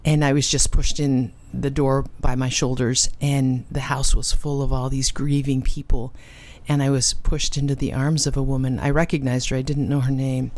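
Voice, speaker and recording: Low-voiced woman giving earnest testimony. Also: little pitch movement, a little mellow. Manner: earnest, emotional storytelling with dramatic pauses. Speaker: ministry cofounder and conference speaker. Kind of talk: personal testimony.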